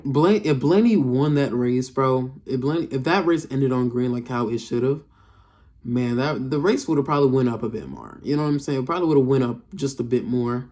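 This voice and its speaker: A man's voice: medium pitch, a little fast, darkish tone. Young male reviewer, frustrated off-the-cuff rant full of slang and swearing. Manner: frustrated, slangy, profane, repeats himself. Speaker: race reviewer. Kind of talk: casual rant to camera.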